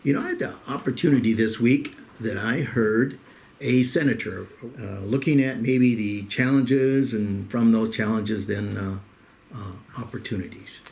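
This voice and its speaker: A man's voice: lowish voice, measured pace, gravelly, darkish tone. A middle-aged man hosting a weekly show, telling jokes in a folksy, casual monologue and calling his listeners "folks.". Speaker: host.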